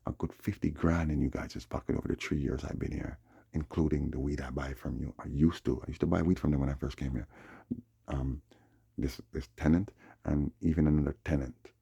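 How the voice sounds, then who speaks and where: Man, agitated vlog rant; very low, raspy voice with fry, mellow, dry close mic. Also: fairly even intonation, fast talker, no room sound. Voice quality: husky, gravelly. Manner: agitated, repeats himself, acts out the other people's lines. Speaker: vlogger. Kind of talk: rambling monologue recounting a dispute.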